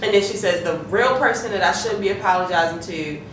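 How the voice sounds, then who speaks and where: A woman hosting a casual TV episode recap, talking in an animated, profane way and acting out the characters' lines. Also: mid-range voice, brisk. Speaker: TV recap host. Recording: echoey room, distant mic, faint noise.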